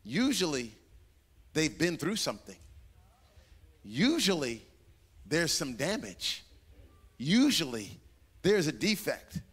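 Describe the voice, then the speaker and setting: High-voiced preacher in a reverberant hall. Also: male voice, very animated, slow, long pauses, fairly bright tone, breathy edge. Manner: dramatic, acts out quoted voices, repeats phrases for emphasis. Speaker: pastor. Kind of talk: sermon. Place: church sanctuary.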